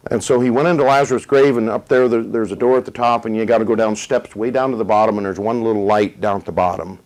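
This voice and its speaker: A man's voice: on the low side, steady tone, a little mellow, low-quality recording. Man preaching a dramatic testimony. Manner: storytelling with dramatic pauses and rising emphasis. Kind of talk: sermon testimony.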